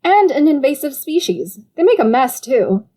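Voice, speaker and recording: Brief: woman reading as a blunt, exasperated older brother, loud retorts, audiobook. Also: high voice, big pitch swings, moderate pace, pitched above the performer's own voice. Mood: annoyed. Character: irritable young adult brother, blunt and mocking. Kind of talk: audiobook character voice.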